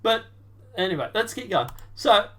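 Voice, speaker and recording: A woman's voice: mid-range voice, very animated, moderate pace, a bit bright. A woman giving casual, sarcastic reaction commentary on a political debate, rambling with restarts. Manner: sarcastic, rambling, with restarts and mock-quoted voices.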